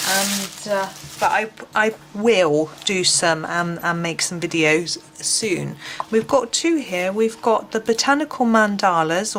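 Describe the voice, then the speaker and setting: A woman reviewing a colouring book in a casual flip-through. She speaks gently and hesitantly, with many ums, and sometimes drops almost to a whisper. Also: lowish voice. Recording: steady background noise.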